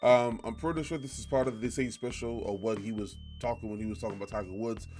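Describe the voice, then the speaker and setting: A man hosting a reaction video, talking casually with many pauses and fillers. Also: on the low side, fairly even intonation, music in the background.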